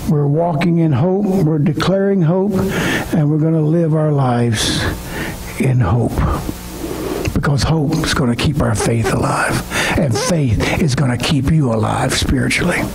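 A man preaching a sermon as pastor, swinging from emotional shouting to quiet talk. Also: fairly high pitch, a little slow, over music, low-quality recording.

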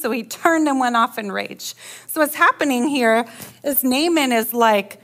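A woman pastor preaching a sermon, reading scripture and retelling it in an animated storytelling way while asking listeners to agree. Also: high voice, measured pace.

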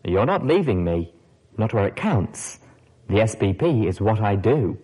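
A man reading the part of an adult female pony radio host, gentle and playfully teasing, with a lively, husky tone. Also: fairly low pitch, measured pace, exaggerated voice, low-quality recording.

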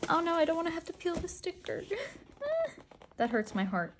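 A woman's voice: very high-pitched, big pitch swings, normal speed, background noise. A woman chatting casually as she unboxes merchandise, chatty and self-deprecating with giggly asides. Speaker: unboxing vlogger.

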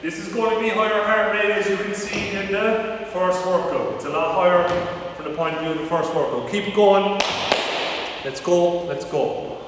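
A man coaching a live workout, with energetic, repeated encouragement and countdowns. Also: high voice, normal speed. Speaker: fitness coach. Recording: echoey hall from far off, faint noise.

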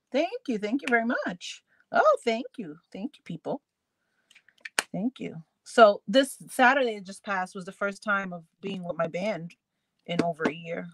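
A woman hosting a crafting live stream, chatting casually with her viewers and laughing often as she works. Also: medium pitch. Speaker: crafting channel host.

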